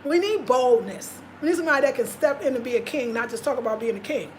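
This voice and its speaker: A woman's voice: high voice, expressive, fast, slight background noise. A woman vlogger talking casually and passionately, repeating her points for emphasis. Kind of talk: casual live-stream talk.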